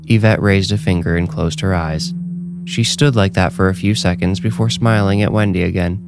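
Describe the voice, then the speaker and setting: Deep-voiced man narrating horror. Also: steady tone, moderate pace, gravelly.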